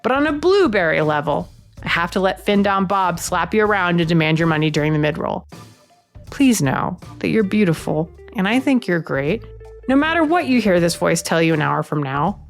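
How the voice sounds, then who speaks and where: A woman hosting a comedy podcast, talking in a playful, teasing way that swings between bold asides and hushed confessions. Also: on the low side, big pitch swings, moderate pace, gravelly, faint music behind. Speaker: podcast host. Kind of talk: comedic podcast monologue and panel chat.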